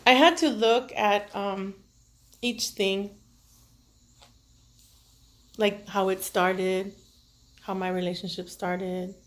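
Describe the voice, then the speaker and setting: A woman with children, speaking to her viewers in an emotional, halting personal monologue as a tarot reader, tearful at times. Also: medium pitch, fairly even intonation. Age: adult with children. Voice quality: earnest, halting, with many restarts and fillers. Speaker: tarot reader and self-care vlogger.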